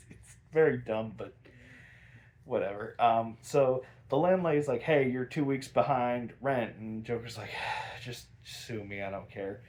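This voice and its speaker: A man's voice: mid-range voice, a little mellow. A man casually recapping a cartoon episode, rambling with lots of filler words and frequent laughs. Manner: rambling, lots of likes and ums, laughs often.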